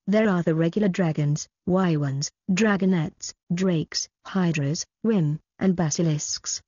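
A woman's voice: fairly low pitch, measured pace, warm tone, slightly rough, dry recording. A woman reading the part of a young fantasy prince who explains things in a matter-of-fact way, on a dull, dry recording. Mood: explaining. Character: young prince, calm and informative.

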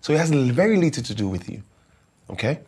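An actor playing a visiting film actor who calmly encourages a young woman, dropping casual slang. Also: mid-range voice, fast, husky. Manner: calm, reassuring, casual American-style slang. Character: famous male actor visiting, encouraging mentor. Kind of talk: comedy series acting.

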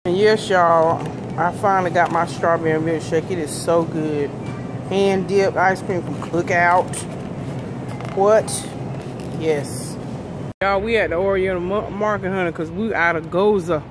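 A woman's voice: on the low side, fairly even intonation, measured pace. A woman, chatting folksily to her viewers as she vlogs. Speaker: vlogger. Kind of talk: casual vlog chat. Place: shops and stores. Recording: noisy store recording.

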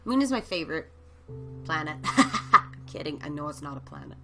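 A woman commenting on a horror game as she plays, excitable and jumpy, swearing and shrieking at scares and reading the game's text aloud. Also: high-pitched, a little fast, gravelly, soft background music. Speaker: let's play gamer. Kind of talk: let's play commentary.

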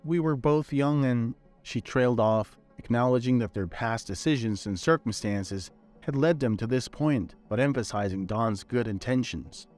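A man giving a scripted story narration in a measured, even manner. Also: mid-range voice, faint music behind.

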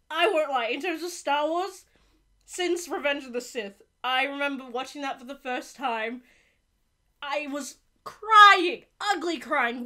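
Young woman reacting to a TV episode, very high and bright voice, excitable, shouting and swearing. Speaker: reaction video host.

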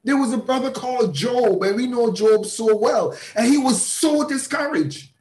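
A man who is a bishop, mentoring a class in a preaching style. He is emphatic, repeats words and breaks into sudden shouts. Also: very high voice, normal speed, roomy sound. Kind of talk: motivational teaching talk in a preaching style.

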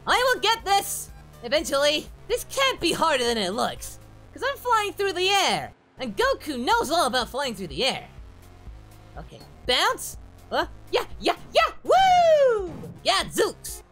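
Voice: high-pitched, pushed and bright, exaggerated voice. A performer voicing Goku, a cheerful, dim-witted adult martial-arts hero, giving childlike, whooping commentary on a game and referring to himself in the third person. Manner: giddy, childlike, shrieks and whoops. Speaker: let's play commentator in character. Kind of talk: comedic parody game commentary.

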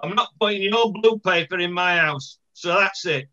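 A man's voice: high-pitched, normal speed, pushed and bright. A man putting on the voice of a stubborn working-class housewife. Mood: defiant. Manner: blunt, stubborn. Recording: dull lo-fi call audio.

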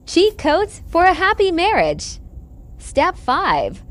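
A woman announcing segment titles in a bright, sing-song way. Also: extremely high pitch, wildly swooping pitch, slow.

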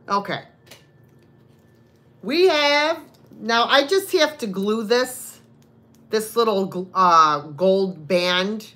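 A woman hosts a live online sale in a slow, unhurried way, her bright voice rising and falling a lot. She chats casually with buyers and makes rambling, self-deprecating asides. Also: high voice. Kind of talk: casual live-stream selling chat.

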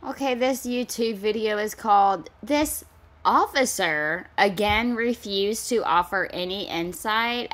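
A woman's voice: mid-range voice, fairly bright tone. A woman giving casual reaction commentary on video clips, with sarcastic, teasing asides.

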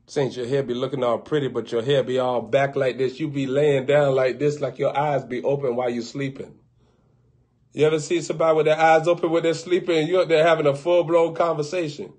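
A man preacher telling a comic, animated story, laughing often and acting out little scenes. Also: mid-range voice, brisk. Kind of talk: comedic storytelling riff.

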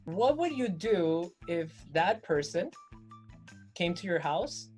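A woman's voice: fairly low pitch, very animated, slow pace, a little mellow, soft background music. A woman hosting a casual interview, asking questions in an upbeat, playful way. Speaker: host.

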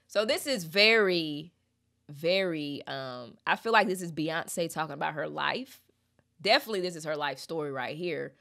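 Bright-voiced chatty woman. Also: on the low side. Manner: expressive, chatty, reads lyrics aloud slowly. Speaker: music reaction host. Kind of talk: casual lyric breakdown.

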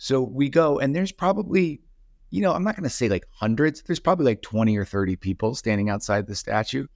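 A man's voice: mid-range voice, lively intonation, a little fast, gravelly, a little mellow, no room sound. Rambling guy in his 40s telling a story, lots of "like", dry sound. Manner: rambling, with many "like" fillers and restarts. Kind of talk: casual storytelling.

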